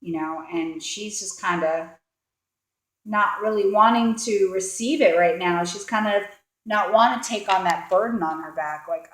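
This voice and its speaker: A woman's voice: medium pitch, a little slow. A woman giving a casual tarot reading, rambling with lots of fillers and acting out the thoughts of the people in the cards. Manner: rambling, filler-heavy, acts out quoted thoughts. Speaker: tarot card reader. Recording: roomy echo.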